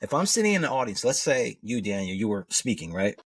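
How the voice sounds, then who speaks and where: Middle-aged man, coach guest. Earnest storyteller, husky and low, recorded dry from a bit back from the mic. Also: big pitch swings, brisk, no echo, recorded from a distance. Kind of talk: conversational podcast interview.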